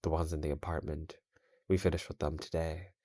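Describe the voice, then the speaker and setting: A man voicing a criminal in a spoken horror story, speaking in a hushed, low voice. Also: flat delivery, a little fast. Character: whispering male criminal.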